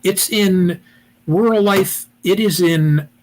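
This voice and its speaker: A man's voice: high voice, slow pace, darkish tone. A man from Ohio hosting a weekly beekeeping live chat, rambling casually with lots of "you know" and restarts.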